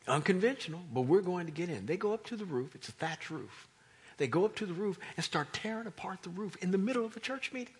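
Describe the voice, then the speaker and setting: Husky pastor telling a lively sermon. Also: male voice, sits high, quick pace. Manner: lively storytelling, acting out the crowd's quoted voices.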